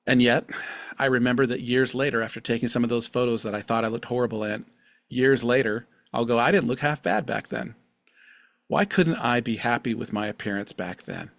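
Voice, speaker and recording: A middle-aged man with a gravelly, fry-edged voice, in a mid-pitched register, thinks aloud on his solo podcast. He sounds earnest and confessional, and he circles back over his own phrases. The recording is dry and close, with no room sound. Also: brisk, dry recording. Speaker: podcast host. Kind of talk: reflective solo podcast monologue.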